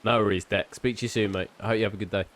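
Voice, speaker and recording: A man's voice: on the low side, fairly even intonation, rapid-fire. A man streaming a video game, chatting casually and joking about what happens on screen. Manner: chatty, jokey, sings along and mimics accents. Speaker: gaming streamer. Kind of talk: casual let's-play commentary.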